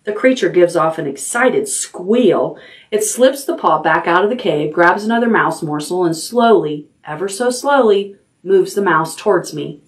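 A woman librarian reading a chapter book aloud at bedtime, unhurried and expressive. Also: lowish voice, far from the mic.

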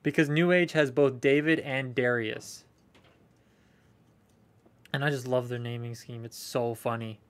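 A man's voice: medium pitch, fairly even intonation, measured pace, long pauses, clean tone. Chatty man unboxing toys live. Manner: rambling and chatty, talking to live chat. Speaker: toy collector streaming a haul unboxing. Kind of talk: casual live unboxing chat.

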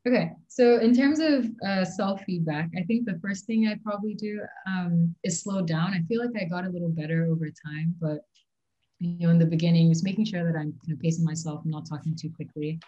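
Low mellow woman talking fast. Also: lo-fi sound. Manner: fast-talking with frequent "like" and "um" fillers. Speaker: interview candidate. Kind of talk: mock job interview answers.

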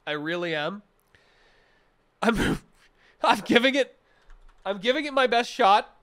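High, bright-voiced jokey young streamer. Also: male voice, animated, slow pace. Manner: rambling and jokey, with many restarts and mock-serious asides. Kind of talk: casual chat with a live chat.

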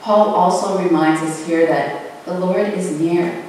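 Preacher, sermon read slowly and deliberately with drawn-out emphasis, recorded at a distance in a very echoey sanctuary. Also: medium pitch, steady tone, a little mellow, slight background noise. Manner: measured, with slow drawn-out emphasis on key words. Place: large church sanctuary. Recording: echoey hall, voice from far off.

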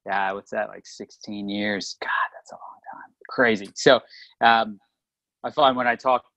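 A man with a Canadian accent, slightly Australian-tinged, talks in a chatty, animated way as a podcast co-host. His voice is dry and close, with no room around it. The remote audio is dull and lo-fi. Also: fairly low pitch, unhurried, creaky, no echo. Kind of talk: casual podcast chat. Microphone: remote call mic.

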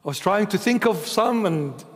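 A male bishop closes his sermon with solemn, measured blessings and prayers. His voice sits high for a man. The church around him adds a long, lingering reverb. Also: expressive.

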